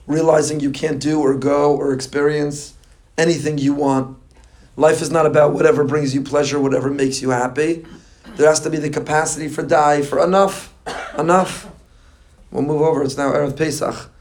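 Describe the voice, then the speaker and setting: Lively joking man giving a sermon. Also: fairly high pitch. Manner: lively, joking asides, Hebrew and Yiddish terms woven in. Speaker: rabbi.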